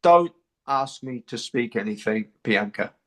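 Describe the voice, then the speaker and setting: A man's voice: mid-range voice, lively intonation, unhurried, a bit bright. A man from New Zealand, an actor being interviewed, talks casually and often repeats words and restarts his sentences. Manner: repeats words and restarts, many "you know".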